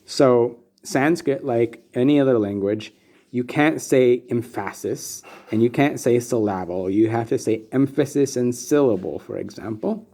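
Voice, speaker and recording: A man explaining Sanskrit script and meter as a teacher, relaxed and casual, with many pauses and fillers. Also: medium pitch. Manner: relaxed, many ums and restarts. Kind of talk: explanatory lesson with slides.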